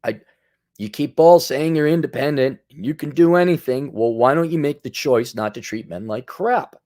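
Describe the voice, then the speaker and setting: A man's voice: mid-range voice, normal speed, darkish tone. A man hosting a solo commentary monologue, lecturing in a sarcastic, mocking way. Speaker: commentary channel host.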